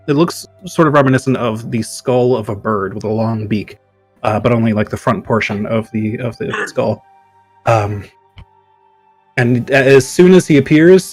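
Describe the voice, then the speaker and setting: A man player describing his character in a tabletop game, pausing with ums as he searches for words. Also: medium pitch.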